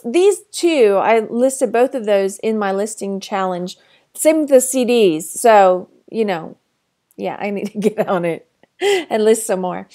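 Middle-aged woman from Texas, online reseller vlogging her weekly sales; casual, chatty, slightly high-pitched. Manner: chatty, warm storytelling with frequent fillers and laughs.

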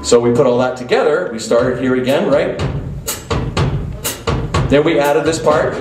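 A man's voice: fairly high pitch, a little slow, over loud music. A man at a live drum clinic telling an anecdote in a casual way, stopping now and then to play examples on his kit. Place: festival stage before an audience. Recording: echoey live hall, mic from far off, drums.

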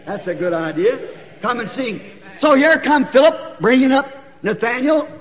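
A man preaching a sermon in a church. He tells the story in a folksy, animated way and rises to shouts. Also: very high voice, moderate pace. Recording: dull 1960s church tape with long reverb.

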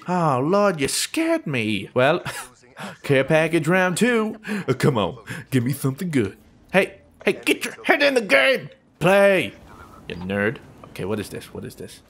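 A man giving jokey, self-mocking commentary over his own shooter gameplay, often shouting in surprise. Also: high-pitched, huge pitch swings, unhurried. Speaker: gaming YouTuber.

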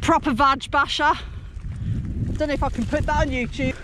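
Woman bantering on a bike ride, high voice, bit of outdoor noise. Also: steady tone, normal speed. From Dudley, England. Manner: jokey, chatty banter. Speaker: cycling club vlogger. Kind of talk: casual chat while cycling. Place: outdoors on open moorland.

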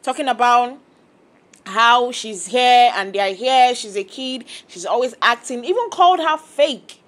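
A woman's voice: a little high, a little slow. A young woman chatting casually and with strong opinions as she recaps a reality TV episode, often acting out what the cast said. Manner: chatty, opinionated, animated quoting of cast members. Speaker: reality TV commentator. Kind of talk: casual reaction vlog.

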